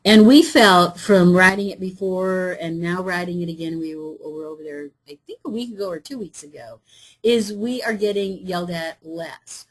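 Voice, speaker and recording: A woman's voice: mid-range voice, a little mellow, breathy edge, rough recording. A middle-aged woman giving a conversational conference presentation as a transportation official, with fillers and asides.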